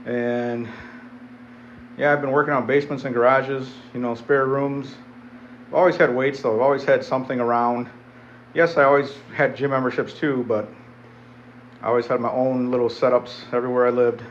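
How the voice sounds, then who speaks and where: A man's voice: mid-range voice, level tone, normal speed, lo-fi sound, a little hiss or hum. A man vlogging casually to his viewers between sets in his home weight-training setup. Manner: laid-back, chatty, talks to viewers directly.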